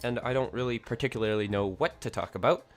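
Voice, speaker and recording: Brief: casual male streamer, mid-pitched, rambly and filler-heavy, faint music under him. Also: fast. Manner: rambling, many fillers and self-corrections. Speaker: livestream host. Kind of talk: casual livestream chat. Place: home hobby room, somewhat echoey.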